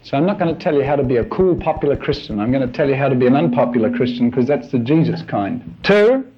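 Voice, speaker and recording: Animated storytelling preacher, lo-fi. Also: male voice, mid-range voice, fast, a little hiss or hum. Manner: storytelling, animated, acts out scenes and sound effects. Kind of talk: sermon. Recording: dull lo-fi sermon recording.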